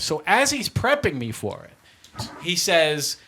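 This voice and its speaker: A man casually telling a story on a podcast, animated and profane, laughing often. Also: fairly high pitch, moderate pace. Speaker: podcast co-host.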